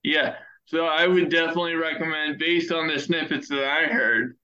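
A man's voice: fairly high pitch, fairly even intonation, moderate pace, sharp tone, muffled recording. A man co-hosting a podcast in casual chat, hesitant and full of fillers but emphatic. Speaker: podcast co-host.

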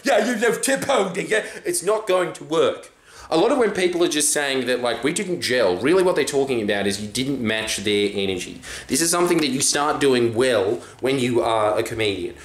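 Brash comedian, echoey room. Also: male voice, mid-range voice. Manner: brash, swearing, acts out quoted voices. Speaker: stand-up comedian. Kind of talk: casual vlog monologue. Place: room with green backdrop.

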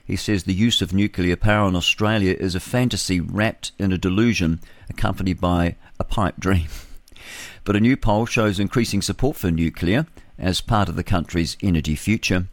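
A man runs through the news headlines on talk radio. His voice sits low, and the sound is close and dry, with no room in it. He drops in scornful remarks between the stories. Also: moderate pace, no echo. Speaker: radio host. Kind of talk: reading news headlines with opinionated asides.

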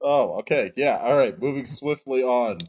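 A man's voice: mid-range voice, normal speed, darkish tone, a little hiss or hum. A man co-hosting a casual podcast, making sarcastic, self-deprecating quips. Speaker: podcast co-host.

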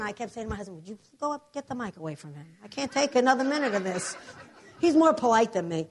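A woman preaches a sermon in a slightly high, fast voice, recounting healing testimonies through emphatic, animated storytelling and repeated declarations.

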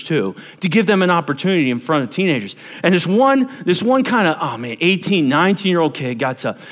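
A man in his forties preaching a sermon, telling stories with acted-out quotes and dropping to a hush for emphasis. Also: on the high side, in a large hall. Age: 40s. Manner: animated storytelling, acts out quotes, drops to hushed emphasis. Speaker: pastor.

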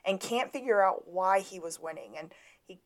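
A woman's voice: mid-range voice, expressive, moderate pace. A woman co-hosting a podcast, casually recapping a TV episode from her notes and laughing along. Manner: retells scenes from notes, laughing often. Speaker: podcast co-host.

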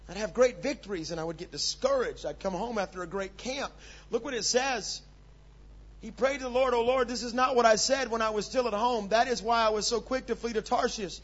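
A man preaching with a husky, high-pitched voice and big swings between quiet asides and loud, urgent bursts. The recording sounds dull and muffled. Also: a little fast. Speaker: pastor. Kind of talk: sermon.

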